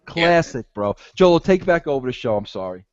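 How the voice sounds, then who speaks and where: A man on a casual podcast call, talking excitedly in rambling stories and saying "bro" constantly. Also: mid-range voice, moderate pace, no room sound, dull audio.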